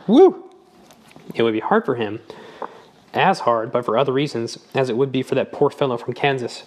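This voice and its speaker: Guy reading an audiobook, steady and measured. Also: medium pitch. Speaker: audiobook narrator. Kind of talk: audiobook narration.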